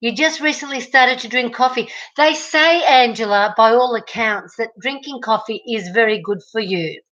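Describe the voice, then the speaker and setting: A woman with an Australian accent runs a relaxed live chat from her kitchen, greeting viewers by name as she reads their comments. Her pitch is a little high, her pace normal, her tone fairly bright, and the sound lo-fi.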